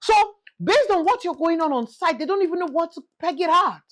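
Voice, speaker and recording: A young Nigerian woman with a Nigerian accent, hosting a casual real estate talk, pleading and animated, slipping in Yoruba phrases. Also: extremely high pitch, fairly quick, a little hiss or hum. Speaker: real estate vlogger host. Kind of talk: casual chat to camera.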